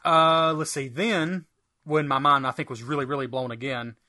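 A man's voice: mid-range voice, steady tone, moderate pace, pushed and bright. A man co-hosting a podcast, chatting enthusiastically about retro games with a rambling, filler-filled delivery. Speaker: podcast co-host. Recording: dry close mic.

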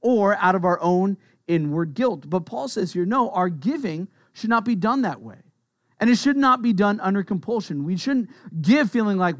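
A pastor giving a sermon in an earnest, conversational way, with quick asides. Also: male voice, high-pitched, lively intonation, no echo, clean studio sound.

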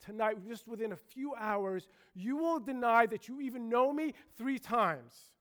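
A pastor voicing a calm, knowing male teacher who speaks a plain, direct warning. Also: high-pitched, normal speed, gravelly, clear, resonant tone. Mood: grave.

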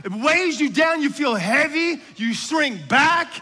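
A man preaching a sermon with passion, building to shouts on key lines. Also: extremely high pitch, lively intonation, slow pace, in a large hall.

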